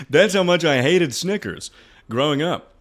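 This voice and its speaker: A man in his twenties streaming, ranting casually and profanely as he ranks things. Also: a little high. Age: 20s. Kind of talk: casual livestream commentary.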